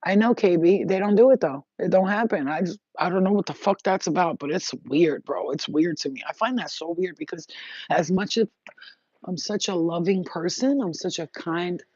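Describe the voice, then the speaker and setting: A woman's voice: lowish voice, normal speed, darkish tone, slightly rough, no room sound. A woman vlogging to her viewers, venting emphatically and profanely in a rambling monologue. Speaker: spiritual vlogger. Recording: dull, dry lo-fi recording.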